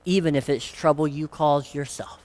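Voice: medium pitch, normal speed, a little mellow. A pastor preaching a sermon, emphatic and fond of rhetorical questions.

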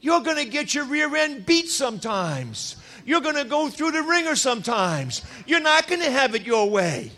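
A man preaching a sermon, telling stories with acted-out quotes and a lively, punchy delivery. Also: extremely high pitch, normal speed, few pauses. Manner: animated storytelling with acted quotes. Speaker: pastor.

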